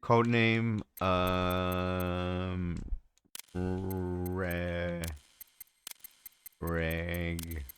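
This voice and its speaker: A man's voice: deep voice, flat delivery, very slow, pauses often, a little hiss or hum. A man casually commenting on a game during a live stream, with offhand joking asides. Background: game music.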